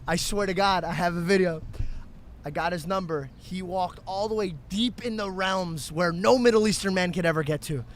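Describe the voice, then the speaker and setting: A young man co-hosting a podcast, telling a story in casual chat and acting out quotes in loud, shouted bursts. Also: high voice, normal speed, a little hiss or hum. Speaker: podcast co-host.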